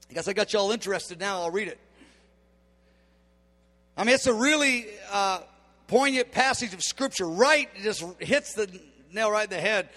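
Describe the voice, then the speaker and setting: A man's voice: high-pitched, animated, moderate pace, pauses often, pushed and bright. A man in his fifties preaching a sermon, emphatic and acting out the dialogue he quotes. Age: 50s. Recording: long hall reverb.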